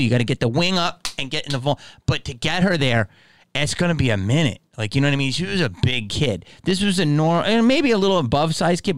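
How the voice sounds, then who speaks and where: Man, podcast host, profane heated rant, higher-pitched, lively swooping delivery. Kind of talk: casual rant commentary.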